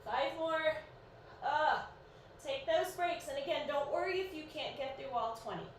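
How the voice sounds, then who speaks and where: Woman workout instructor, encouraging and chatty, a bit sleepy, fairly high voice, very echoey room, far from the mic. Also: normal speed, a little hiss or hum. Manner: encouraging, chatty, counts reps. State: sleepy, yawning. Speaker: fitness instructor. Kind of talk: live-streamed workout coaching.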